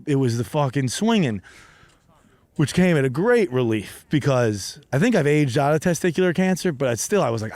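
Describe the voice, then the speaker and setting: A man's voice: medium pitch, darkish tone, no echo. A man hosting a comedy podcast, telling a rambling, profane, self-deprecating story outdoors in a park, with frequent restarts.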